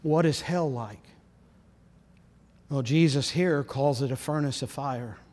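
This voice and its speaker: A man preaching a sermon as pastor, earnest and insistent, often dropping to a low, solemn emphasis. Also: takes it slowly, darkish tone, big-room sound.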